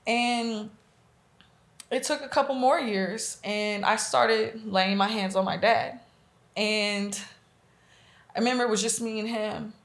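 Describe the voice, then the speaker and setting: A woman's voice: medium pitch, vocal fry, reverberant. A woman from Nebraska, a guest on an interview show, telling a personal story earnestly with many fillers and quoted dialogue. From Omaha, Nebraska. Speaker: guest, Reiki practitioner.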